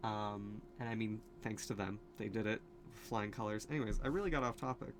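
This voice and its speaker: A man's voice: lowish voice, fairly even intonation, brisk, music in the background. A man hosting a casual video commentary, rambling with many fillers, asides and restarts. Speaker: video host.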